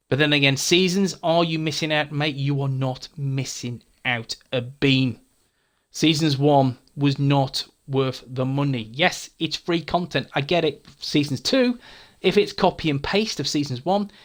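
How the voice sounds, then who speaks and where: A man's voice: a little high, fairly bright tone. A man hosting a gaming channel, casually answering viewer comments in a frank, chatty way, often stumbling and repeating words.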